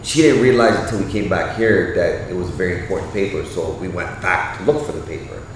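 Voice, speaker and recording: A man's voice: low voice, fairly quick, slight background noise. A man talking in a casual chat, blunt and profane, often asking whether the listener gets what he is saying. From Canada. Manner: blunt and profane, repeats "you get what I'm saying". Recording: echoey, far from the mic.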